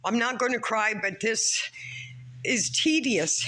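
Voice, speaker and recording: A woman's voice: on the high side, slow pace, bright, forceful tone. A woman in her fifties, a drywaller vlogging from an indoor unit of a building site on her phone, pleading and repeating her points for emphasis. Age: 50s. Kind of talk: heartfelt personal vlog appeal.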